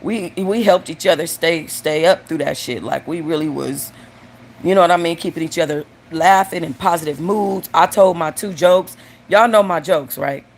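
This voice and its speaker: A woman's voice: on the low side, normal speed, slight background noise. Blunt, joking woman telling stories. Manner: crude, joking and blunt, addresses the audience directly. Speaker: host. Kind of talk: casual storytelling and joke telling.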